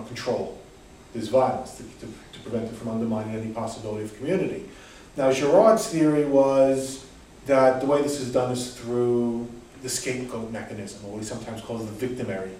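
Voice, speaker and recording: An American man explains a theory at a conference, stopping and restarting his sentences as he goes. His voice sits at an ordinary pitch. He sounds far from the microphone, in a room with heavy echo. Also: a little mellow, a little hiss or hum. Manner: hesitant, many restarts and fillers. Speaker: conference presenter. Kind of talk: academic talk with discussion. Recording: echoey room, voice far from mic.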